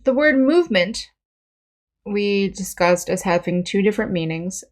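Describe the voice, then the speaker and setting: A woman's voice: mid-range voice, lively intonation, moderate pace. A woman English teacher giving a patient vocabulary lesson, explaining words step by step with examples.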